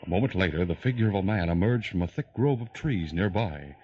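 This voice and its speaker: A man narrating a 1950s radio drama in a measured, formal way. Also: low voice, lively intonation, highs cut off, very noisy. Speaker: announcer and narrator.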